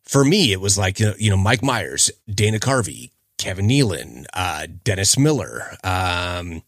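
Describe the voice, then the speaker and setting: A man's voice: sits low, big pitch swings, a little slow, fairly bright tone, no echo, clean studio sound. A man in his forties hosting a casual solo podcast, chatty and rambling, often trailing off while he searches for names. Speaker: podcast host.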